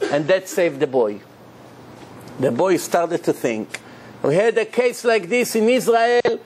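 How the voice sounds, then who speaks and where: A man's voice: extremely high pitch, measured pace. A man who is a rabbi, giving an emphatic sermon full of rhetorical questions, in loose, non-standard English grammar.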